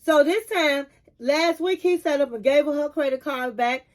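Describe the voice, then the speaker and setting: Woman host, sassy recap commentator, high-pitched and chatty. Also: moderate pace. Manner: sassy and chatty, calls listeners honey and kings and queens. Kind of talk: casual reality-show recap.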